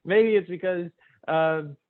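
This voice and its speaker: A man's voice: sits high, takes it slowly. A man co-hosting a comedy podcast cracks jokes and swears without a care, laughing along. His voice comes through thin and narrow, as if over a phone line. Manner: swears freely, laughs while telling jokes. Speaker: podcast co-host. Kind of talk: casual comedy podcast chat.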